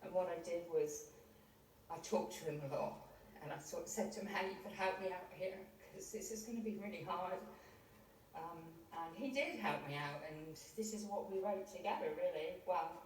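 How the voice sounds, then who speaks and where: Middle-aged woman, halting eulogy, distant in a very echoey chapel. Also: fairly low pitch, darkish tone, slight background noise. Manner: hesitant, many fillers and restarts. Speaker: daughter giving a eulogy. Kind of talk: emotional eulogy, partly unscripted. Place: crematorium chapel. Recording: echoey hall, distant mic, faint ambience.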